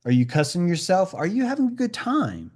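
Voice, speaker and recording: Profane, animated man in group talk. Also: high voice, fairly quick. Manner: intense, profane, animated, acting out quoted voices. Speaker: discussion participant. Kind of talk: casual group discussion.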